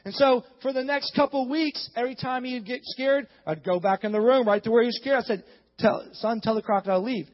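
Male pastor, very high voice, fiery sermon delivery, muffled recording with long reverb. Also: quick pace. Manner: emphatic preaching, rising to shouts. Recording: dull, long-reverb hall sound.

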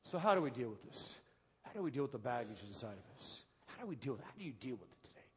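A man preaching a sermon as pastor, going from hushed talk to shouted preaching in a large church. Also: medium pitch, very animated, fast talker, slightly rough. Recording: long hall reverb.

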